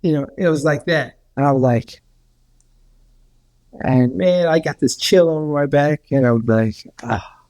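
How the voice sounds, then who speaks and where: A man's voice: on the high side, measured pace, pauses often, darkish tone. A man, a healer guest on a podcast, telling a story in a rambling way with many repeats and restarts. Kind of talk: casual storytelling.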